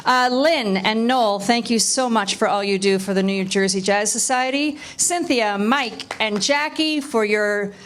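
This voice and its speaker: A woman hosting a live event, thanking people warmly and using jazz slang, sometimes close to tears. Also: fairly high pitch, measured pace, hardly any pauses. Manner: effusive, emotional, jazz slang. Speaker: event host. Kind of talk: live emcee thank-yous. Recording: live venue with crowd noise.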